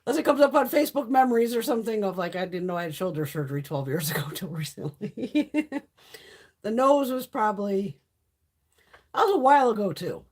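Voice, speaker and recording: Middle-aged woman livestream host, husky, animated, foul-mouthed storyteller. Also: mid-range voice, brisk. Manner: profane, blunt storytelling, reads chat comments. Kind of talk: casual live-stream chat.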